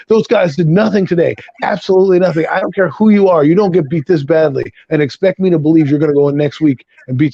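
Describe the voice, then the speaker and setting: Gravelly husky guy ranting about football, swears a ton, kinda dull lo-fi sound. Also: sits high, warm tone, no echo. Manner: profane, fired-up, ranting. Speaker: guest, Giants fan. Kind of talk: heated sports rant.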